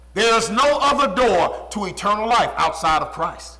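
A pastor preaching a sermon with an emphatic, repetitive cadence, often dropping low and quiet for stress. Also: male voice, very animated, normal speed, hardly any pauses, rough recording.

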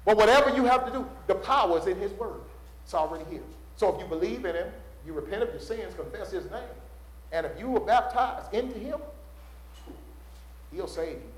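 A male preacher delivers a sermon with call-and-response, building loud and dropping low. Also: animated, fairly quick. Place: church sanctuary. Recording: roomy church echo.

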